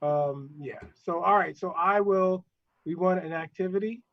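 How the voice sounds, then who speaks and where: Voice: medium pitch, moderate pace. An improv show stage manager, hesitant and filler-heavy, calling the suggestion and timing scenes. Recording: dull lo-fi audio.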